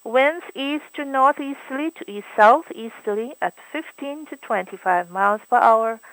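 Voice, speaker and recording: A woman reading the weather report on the radio in a clear, measured, cheerful way. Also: a little high, a bit bright, no room sound, rough recording. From Grenada. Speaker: weather forecaster.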